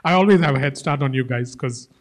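A medium-pitched man talks quickly from the pulpit as a guest preacher. Joking and animated, he delivers a laid-back sermon and voices the people in his stories.

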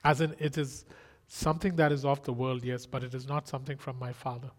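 A man's voice: mid-range voice, little pitch movement, fairly quick. A man preaching a sermon in an earnest style, asking rhetorical questions and exclaiming.

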